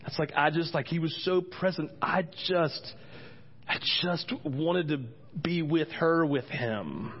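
A man's voice: a little high, slow pace, slightly rough. A man preaching a sermon as a pastor and praying aloud, earnest and rambling, often breaking off mid-sentence to start again. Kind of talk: sermon with spoken prayer. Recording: dull lo-fi recording.

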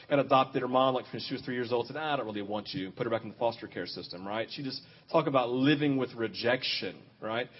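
A man preaching a sermon in an animated, confessional way, swinging between loud outbursts and quiet, intimate stretches. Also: medium pitch, breathy edge, highs cut off.

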